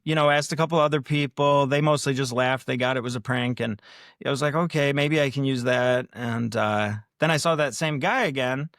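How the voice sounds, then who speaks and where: A man's voice: medium pitch, fairly bright tone, dry recording, clean studio sound. A man guesting on a podcast, telling a story casually in a rambling, self-deprecating way and acting out what he and others said. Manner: rambling, self-deprecating, acts out quoted lines. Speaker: podcast guest, prank video creator.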